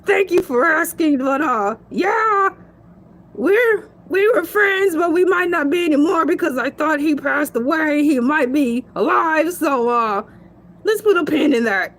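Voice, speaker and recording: A woman's voice: sits high, expressive, measured pace, a bit bright, full character voice. A woman voicing a goofy, rambling male shark celebrity who giggles and stretches his words out in a comedic monologue. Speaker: show guest.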